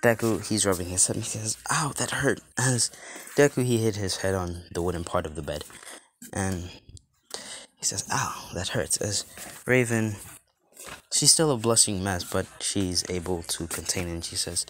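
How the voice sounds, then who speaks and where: A man's voice: low voice, normal speed, long pauses, fairly bright tone, a little hiss or hum. A man casually retelling a fan story, rambling with lots of fillers and restarts.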